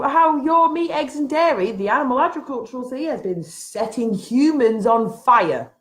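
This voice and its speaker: A high-pitched woman vents straight to camera in a vlog from home. She sounds frustrated and emphatic, circling back to the same points again and again. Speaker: vlogger. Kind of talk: impassioned rant to camera. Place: at home, having just got out of bed.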